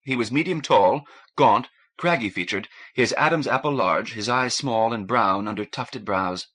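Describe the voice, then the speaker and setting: A man reading a science fiction novel as an audiobook narrator, measured and even. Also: mid-range voice. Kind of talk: scripted narration.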